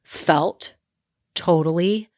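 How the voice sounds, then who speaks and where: A middle-aged woman hosting a casual solo podcast as a business coach, chatty and acting out her own thoughts in quick asides. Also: lowish voice, a little mellow, no room sound, clean studio sound.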